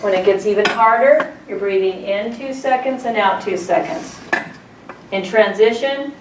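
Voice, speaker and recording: A woman's voice: medium pitch, measured pace. A middle-aged woman teaching a childbirth class, telling stories and putting questions to her students. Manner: storytelling, asks the class questions. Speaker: childbirth educator. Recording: roomy, distant, faint room noise.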